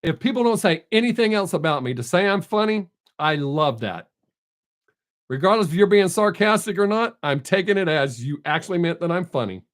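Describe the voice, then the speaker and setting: Male streamer, high voice, blunt and unfiltered, casual chat with viewers. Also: animated, a little fast. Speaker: live streamer.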